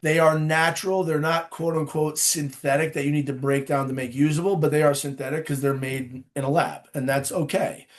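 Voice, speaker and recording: A man's voice: fairly high pitch, level tone, fairly quick, hardly any pauses. A male doctor giving informal, emphatic expert answers as a guest in an interview. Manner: emphatic, informal, direct advice.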